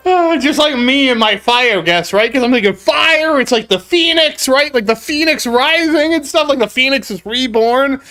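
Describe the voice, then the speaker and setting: A man's voice: very high voice, lively intonation, a little slow, pushed and bright. A man hosting a gaming channel, chatting casually over gameplay as a rambling storyteller who laughs often and repeats himself.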